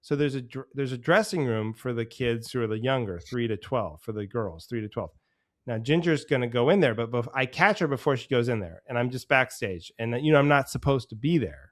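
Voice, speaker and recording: A man in his thirties, a podcast co-host, telling a long casual story and mimicking people in quick playful voices. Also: medium pitch, animated.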